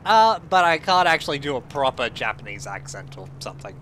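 Australian man streaming a game, bright lively voice, cussing and cracking jokes, faint noise behind. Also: medium pitch, fairly quick. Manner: swearing, joking, chatting with viewers. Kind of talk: casual gameplay commentary.

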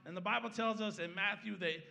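A man pastor with a high-pitched, gravelly, pushed and bright voice speaks a little fast as he preaches in the large hall of a church sanctuary. Conversational throughout, he often checks in with the congregation with "right?", first offering a prayer and then teaching the Bible passage.

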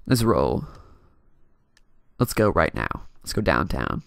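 Lively young man commenting on gameplay. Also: low voice, slow pace, gravelly, no room sound. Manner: playful, laughs often, talks to opponents. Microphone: desk mic.

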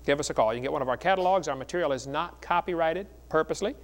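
A middle-aged man preaches at a seminar, his voice slightly high for a man. He tells stories in a folksy, joking way and keeps the delivery lively. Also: rapid-fire. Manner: folksy, joking, animated storytelling. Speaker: evangelist speaker.

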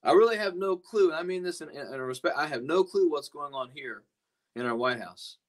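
A man preaching in a podcast sermon, earnest and a little rambling. His voice sits somewhat high for a man. He circles back and restarts phrases as he talks. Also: animated, fairly quick. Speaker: pastor.

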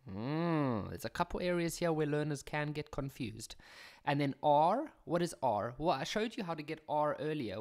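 A young man with a South African accent walks through maths exam questions in a casual teaching voice. He keeps it chatty and breaks in with jokes at his own expense. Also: on the high side. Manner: chatty, jokey, self-mocking asides.

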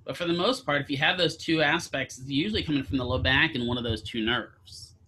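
A man's voice: medium pitch, brisk, bright, forceful tone, a little hiss or hum. A man teaching a physical therapy class, lecturing casually, quizzing students and throwing in jokes. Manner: asks students questions, casual joking asides.

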